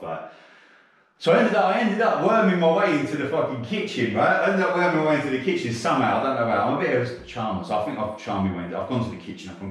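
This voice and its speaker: A man with a South London accent, telling sweary, animated stories as a podcast guest. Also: medium pitch, very fast. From South London, England. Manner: sweary, animated anecdote-telling with bursts of laughter. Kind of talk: casual storytelling interview. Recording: very echoey room, mic at a distance.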